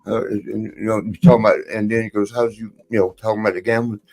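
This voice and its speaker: A man's voice: fairly low pitch, level tone, fast talker, darkish tone. Laughing older man telling rambling stories. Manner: laughs often, rambling anecdotes with quoted voices. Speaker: podcast host. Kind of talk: casual storytelling chat.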